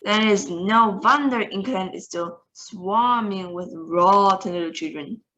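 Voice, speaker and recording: A woman reading a storybook aloud, voicing a tiny, furious female witch leader who shouts and shrieks her orders. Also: mid-range voice, measured pace, lo-fi sound. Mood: scornful. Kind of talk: read-aloud storybook acting.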